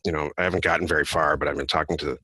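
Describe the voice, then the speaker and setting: A man's voice: extremely low pitch, fairly even intonation, very fast, pushed and bright, husky, no room sound. A man co-hosting a podcast in casual conversation, rambling and correcting himself as he talks. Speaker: podcast co-host.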